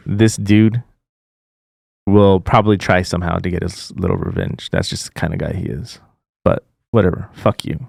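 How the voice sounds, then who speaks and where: A man's voice: deep voice, lively intonation, moderate pace, vocal fry, a little mellow, breathy edge, dry recording, clean studio sound. A man co-hosting a podcast, airing a grievance in a heated, profane rant. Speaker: podcast co-host. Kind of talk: casual chat.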